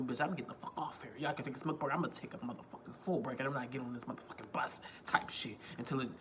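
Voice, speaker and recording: A man's voice: medium pitch, bright, forceful tone, a little hiss or hum. A man vlogging a casual storytime on a phone, rambling, repeating himself and swearing freely. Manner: rambling, profane, self-repeating.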